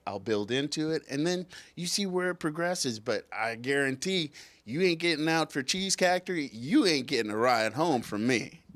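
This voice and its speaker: A man's voice: medium pitch, fairly bright tone. Joking man in playful banter. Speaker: talk show co-host. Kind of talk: casual chat.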